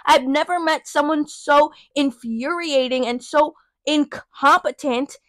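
High-voiced, heated woman venting. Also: moderate pace, a bit bright, no echo. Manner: heated, profane and emphatic. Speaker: podcast host. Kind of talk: casual venting monologue.

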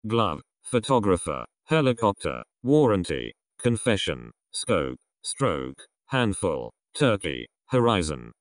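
A man reads out a vocabulary list in a deliberate, word-by-word delivery. His voice sits very low yet swings widely in pitch from word to word. The sound is dry and close, with no room around it. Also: sing-song, dry recording. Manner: deliberate, one word at a time with pauses. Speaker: vocabulary reader. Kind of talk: reading a word list aloud.

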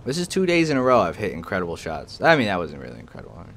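Young male gaming host, deep lively voice, excitable and profane, faint game noise underneath. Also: very fast, vocal fry. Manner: excitable, profane, bursts into shouts. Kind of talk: casual gameplay commentary. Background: game artillery and battle noise.

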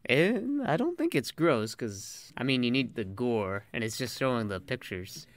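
A man's voice: medium pitch, big pitch swings, normal speed. A man co-hosting a casual podcast, explaining game rules and chiming in with short quips. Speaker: podcast co-host. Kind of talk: casual chat while playing a card game. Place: living room blanket fort.

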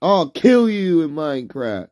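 A young man livestreaming, ranting and yelling insults at his chat, then dropping to low mutters. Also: sing-song, a little slow. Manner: swings between shouting and low mutters. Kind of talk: casual livestream rant.

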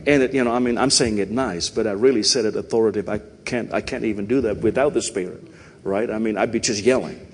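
A man's voice: on the low side, quick pace, in a large hall, a little hiss or hum. A man with a Canadian accent preaching a sermon in a church, chatty and conversational, often checking in with "right?" and "you know". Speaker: pastor. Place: church sanctuary.

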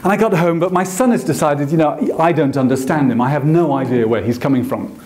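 A male photographer giving an anecdotal lecture, telling stories with animated acted quotes. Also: on the high side, fairly quick, roomy sound. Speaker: photographer and guest speaker. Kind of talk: storytelling lecture. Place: lecture hall.

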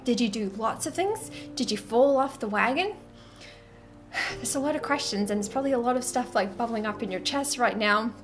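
Speaking casually to camera at a fairly high pitch, a woman working as a spiritual coach gives an animated tarot reading and acts out quoted voices.

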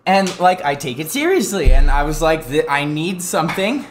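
A man streaming live, telling an angry story in a profane, animated rant with sudden loud outbursts and self-mocking asides. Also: fairly high pitch, normal speed, slight background noise.

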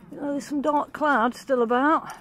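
A woman vlogging on a woodland walk, calling and praising her dogs in a sing-song way and musing quietly about the woods. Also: high-pitched, fairly even intonation, normal speed. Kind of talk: casual outdoor vlog with dog commands. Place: woodland outdoors.

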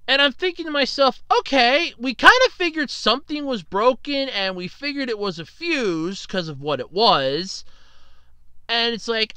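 Lively, bright-voiced solo podcast host. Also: medium pitch, normal speed, smooth, dry recording. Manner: rambling, animated anecdotes with acted-out quotes and laughs. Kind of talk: casual solo storytelling.

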